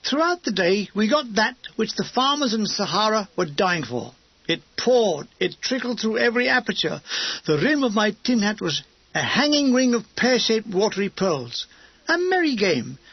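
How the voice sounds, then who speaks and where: A man's voice: high voice, very animated, normal speed, breathy edge, no room sound, dull audio. A man narrating an audiobook memoir with dry, comic storytelling.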